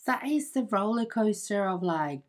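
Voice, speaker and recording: A woman hosting a casual podcast chat, speaking in a measured, reassuring way. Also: mid-range voice, animated. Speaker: podcast host, wholesale coach.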